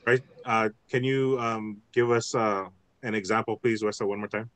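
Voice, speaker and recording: Man, language teacher, video call, patient, thinks aloud, bright tone, dry sound. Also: fairly low pitch, fairly even intonation, normal speed, dry recording. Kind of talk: online language class.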